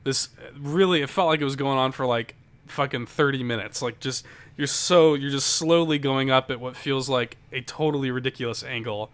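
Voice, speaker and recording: Casual podcast co-host, man, bright tone, loose rambling delivery with swearing. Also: mid-range voice, normal speed, smooth. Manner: rambling, profane storytelling with lots of fillers. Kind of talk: casual chat.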